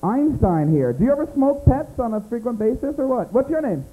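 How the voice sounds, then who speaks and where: A man's voice: extremely high pitch, very animated, brisk, phone-quality sound. An American man doing stand-up comedy in a small club, teasing audience members by name in a brash way. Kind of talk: stand-up comedy set with crowd work.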